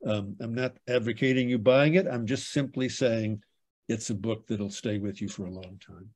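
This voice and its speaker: A man's voice: fairly low pitch, moderate pace, a little mellow, no room sound. An older man hosting a book club over a video call, talking in a rambling, storytelling way full of restarts. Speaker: book club host and bookseller. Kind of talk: casual book club chat.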